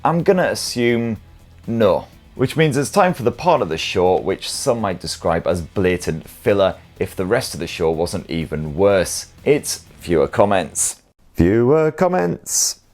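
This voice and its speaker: A man's voice: low-pitched, unhurried. Cheeky, sweary man hosting tech talk. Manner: cheeky, sweary, self-mocking banter. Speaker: tech show host. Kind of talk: casual tech news podcast.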